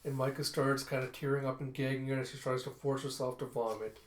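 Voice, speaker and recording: A man's voice: medium pitch, level tone, brisk. Casual man narrating a comic, echoey. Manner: casual, chatty, with fillers. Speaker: comic book reviewer. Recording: echoey room.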